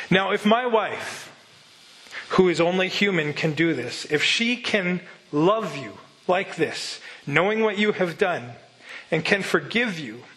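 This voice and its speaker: A preacher voicing a middle-aged pastor who speaks gently but firmly, in a measured, solemn way. The voice sits a little high and sounds bright and forceful. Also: male voice, poor audio.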